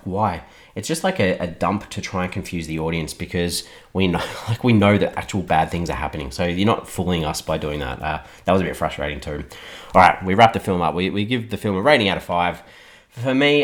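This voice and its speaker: Hoarse low-voiced man reviewing a film. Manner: rambling, thinking aloud with restarts. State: hoarse, voice partly lost. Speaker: podcast host.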